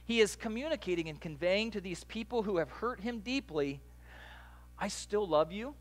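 Male pastor, slightly high voice, casual conversational sermon delivery with animated asides. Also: moderate pace.

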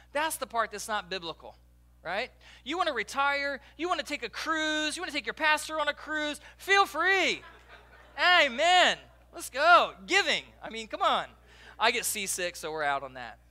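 A man preaching a sermon as a pastor, joking and talking directly to the congregation in a lively, conversational way. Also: extremely high pitch, normal speed. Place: church.

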